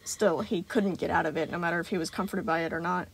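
A woman narrating a fan fiction story, reading in a steady, expressive way. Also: fairly low pitch, fast, creaky, husky.

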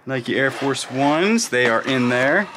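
A man excitedly narrating his vlog while going through a storage unit. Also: mid-range voice, slow, background noise. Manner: excited, exclaiming. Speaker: reseller vlogger. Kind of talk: casual vlog commentary.

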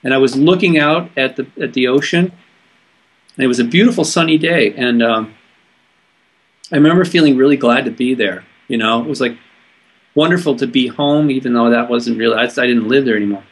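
A man from California, a guest in an interview, telling a personal story in an earnest, halting way with frequent restarts. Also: medium pitch, husky.

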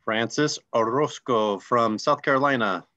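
A man's voice: mid-range voice, measured pace. Easygoing guy co-hosting, jokey, muffled lo-fi sound. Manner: relaxed, friendly, joking. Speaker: co-host. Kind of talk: casual call recognition.

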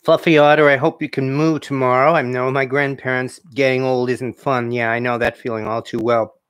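A man's voice: medium pitch, level tone, brisk, a bit bright, clear, resonant tone, no room sound. A man hosting a casual cooking livestream, chatting and chuckling as he tastes his dish and answers viewer comments. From New England, USA. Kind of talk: casual live-stream chat while tasting food.

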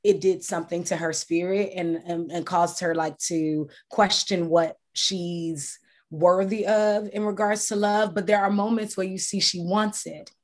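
Chatty actress in an interview. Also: female voice, lowish voice, fairly even intonation, unhurried. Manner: chatty, reflective, many fillers. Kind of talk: casual interview chat.

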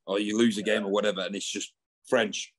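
A man's voice: lowish voice, level tone, a little fast, a bit bright. A young man, a guest on a podcast, telling stories in a chatty, laughing way. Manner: chatty storyteller, laughs often. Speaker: guest rugby player. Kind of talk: casual podcast chat.

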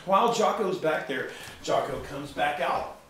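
A middle-aged man telling stories in a loose, animated way, swearing freely, in a casual chat. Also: on the high side, unhurried, reverberant, distant mic, a little hiss or hum. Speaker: guest musician.

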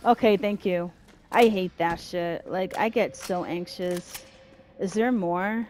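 A young woman hosting a horror game let's play, swearing constantly and shouting at enemies in panic. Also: fairly low pitch, slow, slight background noise. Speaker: gaming channel host.

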